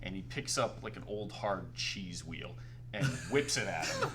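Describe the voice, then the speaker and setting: A man's voice: low voice, unhurried, a loud crowd. A man narrating a tabletop game as game master, laughing often and belting out other voices. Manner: animated, laughing, belts out voices.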